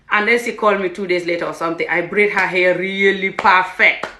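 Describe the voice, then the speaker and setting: Animated Gambian woman in an echoey room. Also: on the low side, fairly quick. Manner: animated, acts out quoted speech, frequent "what the hell". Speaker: vlogger telling her story. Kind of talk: casual personal storytelling.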